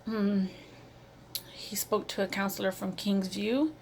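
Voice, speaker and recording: A middle-aged woman, a mother, telling her own story in a slow, halting and emotional way, with many pauses and repeated phrases. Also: medium pitch, steady tone, slight background noise. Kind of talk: personal testimony to camera.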